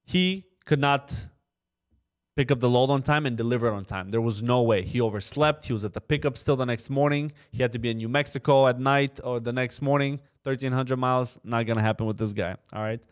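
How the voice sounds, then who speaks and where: A man's voice: medium pitch, a little fast, clean tone. A young man telling a story in a casual podcast interview, acting out the voices of the people he quotes and leaning on fillers like "you know". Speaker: trucking company co-owner, podcast guest.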